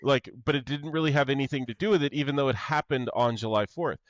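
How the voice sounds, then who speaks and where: A man co-hosting a podcast, chatting casually and excitably about a film, sharing trivia and swearing now and then. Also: mid-range voice, fast, no room sound. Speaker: podcast co-host. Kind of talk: casual movie chat.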